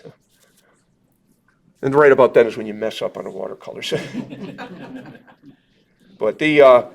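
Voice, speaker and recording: A man's voice: mid-range voice, unhurried, vocal fry. Chatty man demonstrating watercolor. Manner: chatty, rambling, self-deprecating, with many fillers. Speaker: watercolor instructor. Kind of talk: live painting demonstration with audience questions. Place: meeting room at a club gathering.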